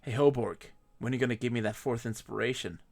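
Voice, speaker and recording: A man's voice: mid-range voice, fast, vocal fry, a little mellow. A man streaming a game live, chatting casually and reading the game text aloud. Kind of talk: casual gameplay commentary.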